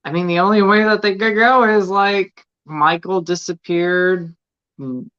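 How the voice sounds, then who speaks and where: A man's voice: high-pitched, unhurried, sharp tone, clean tone. A man co-hosting a casual livestream, talking earnestly and hesitantly with many restarts. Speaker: podcast co-host. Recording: dull lo-fi mic.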